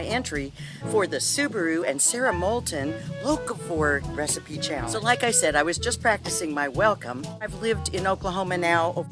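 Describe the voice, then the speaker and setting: A woman's voice: lowish voice, lively intonation, normal speed, over music. A middle-aged woman from Iowa, chatting upbeat as she presents a home recipe to the camera. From northern Iowa. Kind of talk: casual on-camera cooking video.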